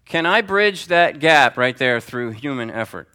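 A man teaches a Sunday school class in a conversational, animated way, his pitch leaping up to stress a point. His voice is bright and forceful, sitting at an ordinary pitch for a man. He calls on students by name as he goes. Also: unhurried, clear, resonant tone. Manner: lively, pitch swings for emphasis. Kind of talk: teaching sermon. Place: church classroom before a group.

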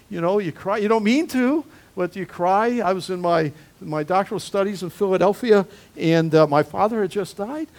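A male pastor preaching a sermon, conversational with emphatic swells on key phrases. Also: high-pitched.

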